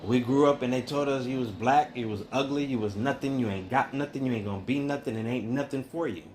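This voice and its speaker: A man preaches in a rhythmic monologue, stacking repeated refrains into emphatic builds. His voice sits at an ordinary middle pitch for a man. He swings from loud, raised lines to low, hushed ones. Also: quick pace, slight background noise. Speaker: spiritual teacher.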